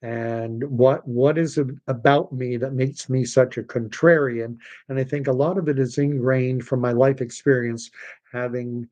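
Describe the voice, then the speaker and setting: A man's voice: mid-range voice, steady tone, a little slow, darkish tone. A middle-aged man from Canada hosting a livestream, rambling in casual commentary and turning scornful when he argues. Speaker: livestream host.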